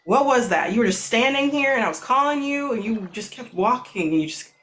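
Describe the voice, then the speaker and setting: A game master voicing a frantic, worried young woman friend, calling out high and breathless in a tabletop game. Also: animated, brisk, a bit bright, faint music behind, lightly acted.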